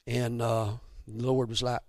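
A man's voice: medium pitch, little pitch movement, a little slow, no room sound. Folksy Southern preacher man, dry sound. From Georgia. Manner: folksy, emphatic, drops to soft near-whispers. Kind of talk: sermon storytelling.

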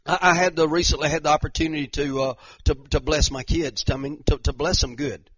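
A man's voice: fairly high pitch, fairly even intonation, fairly quick, fairly bright tone, husky, no echo, lo-fi sound. A man preaching a sermon as pastor, impassioned, repeating phrases and restarting lines.

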